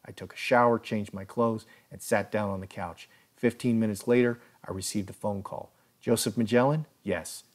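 A man with a somewhat low voice recounts his own story in a first-person monologue. He speaks solemnly and deliberately, pressing his points with repetition. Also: steady tone.

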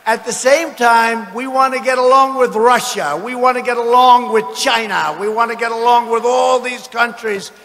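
Older guy ranting at a rally, high bright voice, big booming arena echo. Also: steady tone, normal speed, few pauses, slight background noise. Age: 70s. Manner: boastful, mocking, bursts into shouting. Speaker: politician speaking at a rally. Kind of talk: political rally speech. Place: large arena with crowd. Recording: arena with long reverb.

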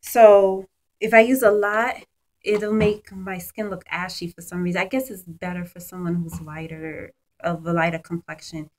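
A woman's voice: lowish voice, fairly even intonation, moderate pace, poor audio. A woman chatting at home about her favorite beauty products, gushing and using lots of fillers. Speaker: beauty vlogger. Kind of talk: casual product review. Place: at home, children nearby.

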